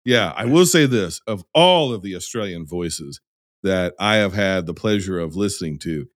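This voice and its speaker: A man's voice: sits low, lively intonation, moderate pace. An American man hosting a podcast, chatting casually and teasing his guest with a jokey, giggly manner. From United States. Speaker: podcast host.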